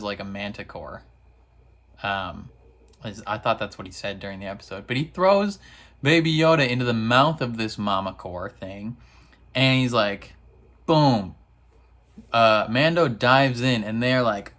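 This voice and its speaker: A man's voice: medium pitch, fairly bright tone. A man hosting a reaction video, recapping an episode in casual slang with frequent laughs. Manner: slangy, laughs a lot, acts out characters in silly voices; rambling with fillers and restarts.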